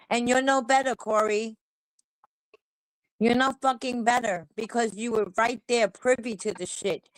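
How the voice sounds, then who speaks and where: A woman's voice: fairly high pitch, no room sound, low-quality recording. A woman hosting a livestream, ranting angrily and bluntly with heavy swearing. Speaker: livestream host. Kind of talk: heated commentary rant.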